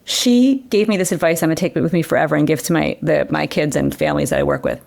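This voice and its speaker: Low, gravelly-voiced woman explaining. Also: fast. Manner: animated explainer who acts out quotes. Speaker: guest educator and former children's TV director. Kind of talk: conversational interview, explaining brain science.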